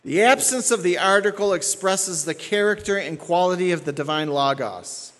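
A man's voice: high-pitched, animated, moderate pace, a bit bright, long reverb tail. A man preaching an expository sermon as pastor, emphatic and repeating key points for stress.

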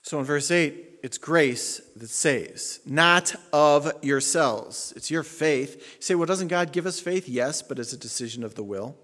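Male pastor, somewhat high voice, emphatic sermon delivery with loud peaks and hushed asides, long hall reverb. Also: unhurried, few pauses. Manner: emphatic preaching, swings from loud declarations to quiet asides.

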